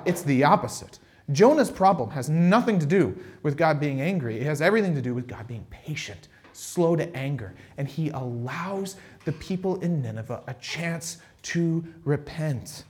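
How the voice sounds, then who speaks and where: A man preaching a casual, conversational sermon, retelling a Bible story with animated asides and frequent check-ins with listeners. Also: a little high, normal speed. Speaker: pastor.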